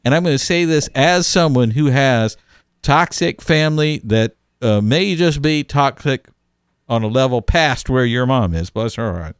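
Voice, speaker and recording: A man's voice: mid-range voice, unhurried, clear, resonant tone, dry recording, clean studio sound. A man co-hosting a podcast, giving emphatic advice in casual chat, with frequent restarts and fillers.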